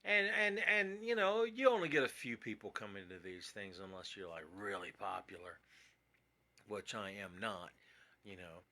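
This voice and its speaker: A man's voice: on the low side, lively intonation, normal speed, sharp tone. A man chatting casually on a phone live video, easygoing and rambling with lots of fillers. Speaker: vlogger. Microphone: phone camera propped nearby.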